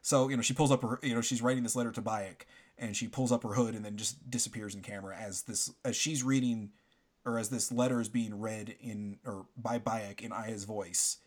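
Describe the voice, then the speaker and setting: A man's voice: fairly low pitch, fairly even intonation, fairly quick. A man chatting casually about a video game he played, rambling with lots of fillers and restarts. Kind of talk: casual game review chat.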